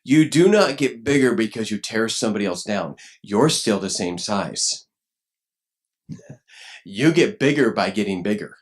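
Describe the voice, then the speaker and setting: A pastor preaching a lively sermon, acting out quoted voices and now and then rising to a shout. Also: male voice, lowish voice, a little slow. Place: church.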